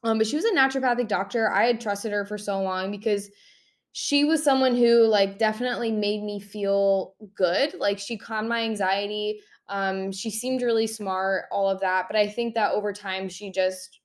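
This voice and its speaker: A woman's voice: mid-range voice, steady tone, moderate pace. A young adult woman telling a candid personal story in a chatty, frank way, full of fillers and the odd swear word.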